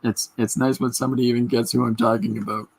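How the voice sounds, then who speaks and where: A man's voice: mid-range voice, flat delivery, fast talker, vocal fry, a little mellow, slightly rough. A man in his fifties hosting a podcast, chatting in a rambling way and reading out viewer comments. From Canada. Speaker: podcast host. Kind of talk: casual livestream chat.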